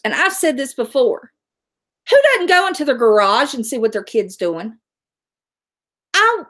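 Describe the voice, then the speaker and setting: A middle-aged woman, hosting a casual livestream, chatting and answering viewer comments. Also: fairly high pitch. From West Virginia, USA. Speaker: livestream host.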